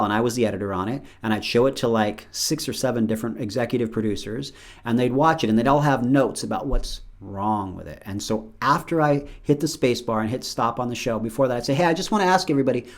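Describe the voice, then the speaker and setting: A middle-aged man hosting his show, talking casually and alone, acting out bits of dialogue with playful voices. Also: mid-range voice. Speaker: show host. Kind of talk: casual solo monologue.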